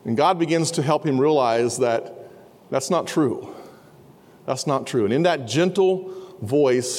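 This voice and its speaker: A pastor preaching an earnest sermon, sometimes dropping to a soft, low voice. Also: male voice, a little slow. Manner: earnest, drops to a soft low voice for quiet passages. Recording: long hall reverb. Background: students in a campus service.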